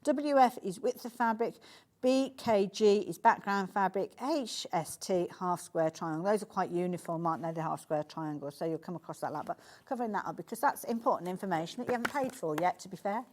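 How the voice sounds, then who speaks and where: A woman's voice: fairly low pitch, brisk, a little mellow. Chatty Brummie woman presenting on TV. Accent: Birmingham (Brummie). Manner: chatty and enthusiastic, lots of asides and fillers. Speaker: shopping channel presenter. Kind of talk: live TV sales demonstration.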